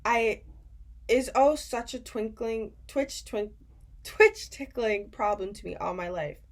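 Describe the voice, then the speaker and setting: A woman voicing a very old, kindly male giant who jumbles his words, in an audiobook reading. She makes him boom, draw his words out and talk in ungrammatical, folksy phrases. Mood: excited. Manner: booming, drawn-out, ungrammatical folksy speech.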